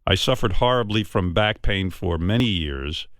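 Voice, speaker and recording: A low-voiced man in his sixties hosts a radio talk show. He speaks earnestly and from the heart, often restarting his sentences. The studio sound is close and dry. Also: lively intonation, normal speed, a bit bright, no room sound.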